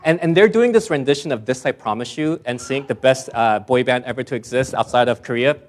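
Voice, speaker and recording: Self-deprecating pastor, emphatic at the close. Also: male voice, mid-range voice, brisk, slight background noise. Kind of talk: sermon.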